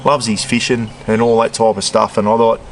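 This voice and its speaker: A man's voice: on the low side, level tone, fairly quick, slight background noise. A retired Australian man in his sixties, rambling casually and saying "bloody" often as he cooks on a camp stove outdoors. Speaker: cooking vlogger.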